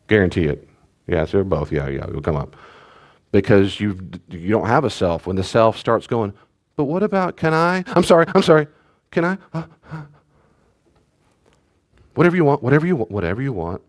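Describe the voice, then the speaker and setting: Low-voiced pastor teaching a class. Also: male voice, a little mellow. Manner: conversational, joking asides to the group. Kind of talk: teaching a church study class.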